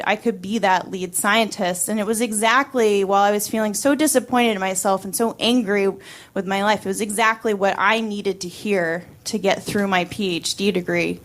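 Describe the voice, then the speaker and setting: A woman's voice: mid-range voice, a bit bright. A woman in her twenties telling a personal story on stage, chatty and wry, laughing often and using many fillers. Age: 20s.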